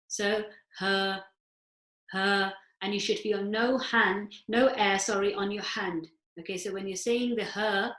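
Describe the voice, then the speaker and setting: A woman's voice: mid-range voice, a bit bright, echoey room. A woman teaching a recitation class over a video call, patiently explaining and demonstrating sounds step by step.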